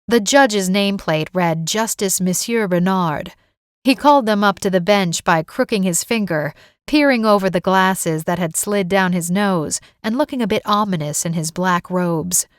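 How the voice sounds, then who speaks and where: A woman author narrating her own romance novel as an audiobook, telling it in an even, gentle way. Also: medium pitch, normal speed, clean tone, dry recording, studio quality.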